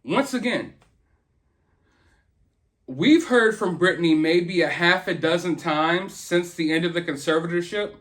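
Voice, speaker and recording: A man's voice: sits high, a bit bright. A man hosting a casual commentary video, talking in an earnest, rambling, opinionated way. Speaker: host.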